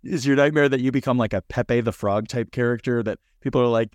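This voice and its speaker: Man podcast host, deadpan, mock-serious teasing, mid-pitched voice, dry close mic. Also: quick pace, no echo. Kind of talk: casual podcast interview.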